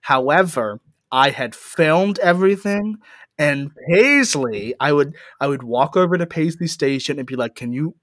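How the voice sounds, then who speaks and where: Young male podcast host, halting and chatty, close dry mic. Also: a little high, fairly bright tone, no room sound. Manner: rambling, halting with many fillers. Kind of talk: casual chat.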